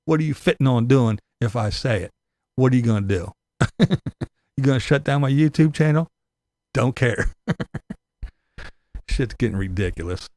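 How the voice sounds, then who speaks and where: A man's voice: mid-range voice, expressive, unhurried, long pauses, a little mellow, no echo. Ranting male vlog commentator, sarcastic and profane, breaks into laughter, dry close sound.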